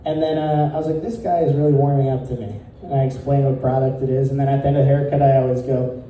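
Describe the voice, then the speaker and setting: A male stand-up comedian doing a crude deadpan set, chuckling at his own jokes. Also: mid-range voice, fast, slight background noise. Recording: echoey room, picked up from a distance.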